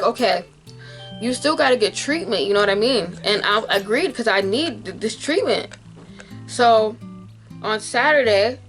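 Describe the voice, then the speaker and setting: A young woman vlogger, emotionally retelling a frightening medical episode in a casual, animated way to camera. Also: on the high side.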